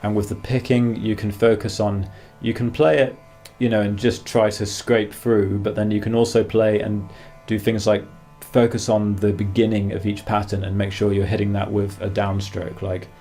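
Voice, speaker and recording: A man giving a guitar masterclass, calmly explaining practice exercises and counting beats aloud between demonstrations. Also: on the low side, moderate pace, hardly any pauses. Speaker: guitar teacher. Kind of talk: masterclass instruction. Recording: faint guitar music behind. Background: guitar playing.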